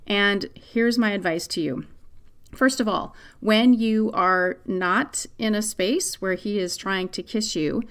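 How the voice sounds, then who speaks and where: A middle-aged woman hosting a parenting podcast, answering a listener's question in a candid, conversational way. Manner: candid, conversational, animated pitch swings.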